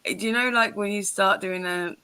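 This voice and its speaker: A woman's voice: mid-range voice, steady tone, moderate pace, pushed and bright, smooth. A woman with a London accent, chatting casually and animatedly on a livestream, swearing and laughing often. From London, England. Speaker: livestream host. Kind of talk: casual chat. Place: home, livestream.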